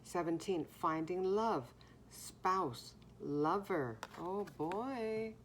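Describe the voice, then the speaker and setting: A woman giving an intuitive tarot card reading to viewers, reflective, pausing often and humming softly to herself. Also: on the low side, slight background noise. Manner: slow, reflective, pausing, soft hums.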